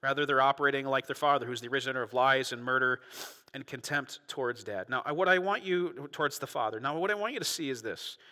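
A man preaching a sermon as a pastor, moving between quiet asides and loud, animated bursts. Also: medium pitch, fast, long reverb tail.

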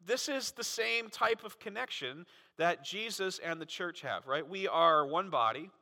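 A man preaching a sermon as pastor, animated and full of rhetorical questions. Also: high voice, measured pace, gravelly. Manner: animated, frequent rhetorical "right?" asides. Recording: long reverb of a large hall.

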